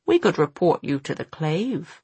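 A woman voicing a sinister female demon sister from a storybook, shrill and contemptuous. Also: sing-song, a little slow, warm tone, breathy edge, no echo, lo-fi sound, full character voice. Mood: menacing.

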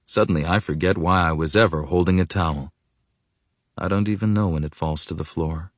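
A man narrating a first-person audiobook in a reflective, intimate way that often drops to a hush. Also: low-pitched, brisk, no echo, studio quality. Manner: reflective, intimate, softening to hushed.

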